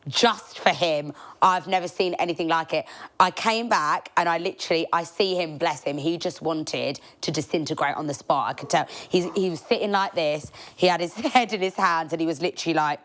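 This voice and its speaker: A young woman, a podcast host, telling a story in a casual, animated way with frequent laughs and swearing. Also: low voice, a little fast. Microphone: clip-on mic.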